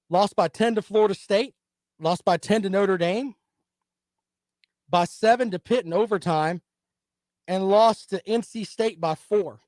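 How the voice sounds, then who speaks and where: A man's voice: high voice, no echo. A man hosting a casual live-stream sports talk show, giving opinions and reading viewer comments.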